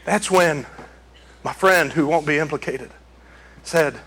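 A man preaching a sermon, telling folksy stories and building to loud, emphatic peaks. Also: on the high side, slow pace, a little hiss or hum, poor audio. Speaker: pastor.

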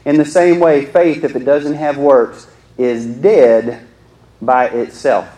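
A man's voice: mid-range voice, steady tone, takes it slowly, warm tone, roomy sound, low-quality recording. A young man preaching a sermon in a joking, conversational way, often asking the crowd questions.

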